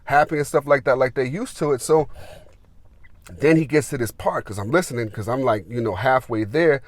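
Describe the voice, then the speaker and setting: A man's voice: mid-range voice, normal speed, no room sound. A man, telling a rambling, filler-heavy story as a gardening vlogger. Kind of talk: casual storytelling.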